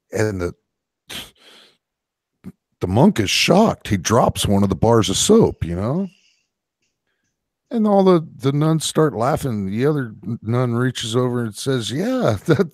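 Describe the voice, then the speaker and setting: A low-voiced man spins a bawdy joke in relaxed banter, his pitch swinging widely as he builds toward the punchline. The sound is dry and close, with no room around it. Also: dry recording. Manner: animated storyteller, rising excitedly at punchlines. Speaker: co-host telling jokes. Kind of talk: casual joke-telling chat.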